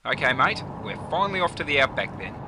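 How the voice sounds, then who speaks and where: A man's voice: a little high, sing-song, quick pace, background noise. A man with an Australian accent playing an easygoing Australian mate who teases his friend. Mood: teasing.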